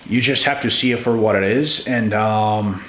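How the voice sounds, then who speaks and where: A man's voice: lowish voice, moderate pace, a bit bright, reverberant, slight background noise. A man giving blunt, emphatic relationship advice in a casual monologue to his viewers. He repeats words for stress and calls listeners "bro".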